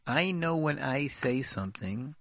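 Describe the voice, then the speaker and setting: A man's voice: mid-range voice, lively intonation, unhurried, fairly bright tone, dry recording. A man giving spoken advice on a radio talk show, repeating phrases for emphasis.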